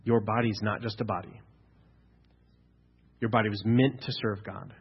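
A pastor preaching a sermon, building to loud, emphatic exhortation at times. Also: male voice, fairly low pitch, fairly even intonation, normal speed, breathy edge, lo-fi sound.

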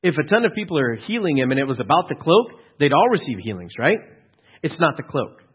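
Husky male pastor preaching conversationally. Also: on the high side, very animated, a little fast. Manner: conversational storytelling with rhetorical questions. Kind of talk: sermon. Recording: dull lo-fi recording.

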